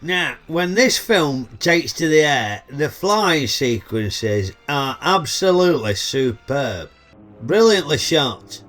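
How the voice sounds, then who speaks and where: A man's voice: fairly high pitch, sing-song, slow, fairly bright tone, faint music behind. A middle-aged man with a Yorkshire accent, hosting a chatty, cheeky comedic film review full of dialect banter. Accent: Northern English, Yorkshire.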